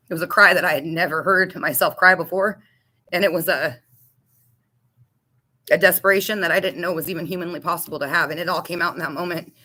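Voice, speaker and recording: A woman's voice: low-pitched, bright, forceful tone, poor audio. Candid woman telling a raw recovery testimony. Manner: emotional, candid, with restarts and swearing. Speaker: recovery storyteller. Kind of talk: personal testimony.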